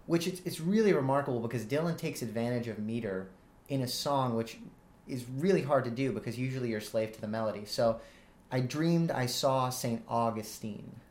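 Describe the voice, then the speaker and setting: A young man talks through song lyrics with earnest, analytical care, pausing with small fillers before reciting lines. His voice sits at an ordinary middle pitch. The room gives it a noticeable echo. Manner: earnest, quotes lyrics with hesitations. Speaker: student interviewer. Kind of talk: analytical discussion. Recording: roomy echo.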